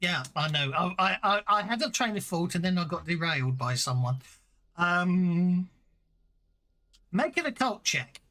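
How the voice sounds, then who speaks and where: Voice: mid-range voice, expressive, a little slow, pushed and bright. A game master narrating a tabletop game in a chatty way, stopping now and then to correct themself.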